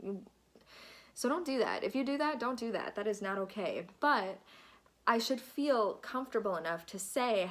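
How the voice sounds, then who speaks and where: A woman's voice: mid-range voice, lively intonation, moderate pace, a bit bright. A young woman with a Minnesota accent talks in a loose, rambling way, full of fillers and little asides. She sounds like a new mom chatting casually to the camera about her baby.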